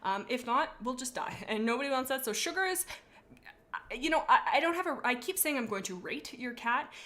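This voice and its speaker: Young woman streaming, goofy rambly cat chat, kinda high voice, lots of dramatic little asides. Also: expressive, a little fast, pushed and bright. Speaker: streamer rating viewers' cats. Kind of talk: casual livestream chat.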